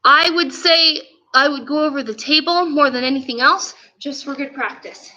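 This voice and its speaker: A woman's voice: high voice, moderate pace, sharp tone. A woman teaching an online martial arts class, giving upbeat coaching and counting reps aloud. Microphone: camera mic from a distance. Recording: roomy, distant, dull lo-fi sound.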